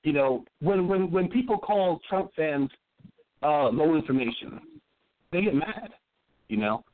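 A man's voice: fairly high pitch, expressive, unhurried. A man co-hosting a casual political chat podcast, explaining his points with stammering restarts. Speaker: podcast co-host. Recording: tinny phone-like sound.

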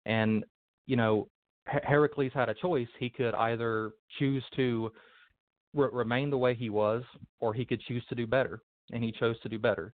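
A man's voice: mid-range voice, steady tone, moderate pace, dry recording. A man answering interview questions earnestly, often repeating words as he builds his points. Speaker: interview guest, Hellenic practitioner. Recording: tinny phone-like line.

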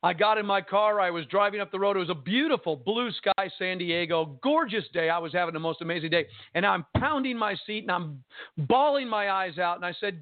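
A man preaching a sermon in a slow, emphatic and impassioned way, repeating his phrases for effect. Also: sits high, no echo. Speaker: pastor. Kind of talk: sermon on radio broadcast. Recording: tinny phone-line broadcast.

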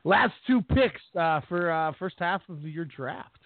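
A man co-hosting a podcast in casual chat, laughing often and telling animated stories. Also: on the high side, measured pace, no room sound. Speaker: podcast co-host. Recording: tinny phone line, dry.

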